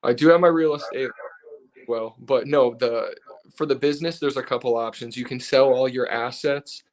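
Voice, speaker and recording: A man's voice: medium pitch, normal speed, slight background noise. Tired, easygoing man chatting on a live stream. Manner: relaxed, rambling, reads comments aloud. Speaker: co-host, personal trainer. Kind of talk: casual live-stream chat.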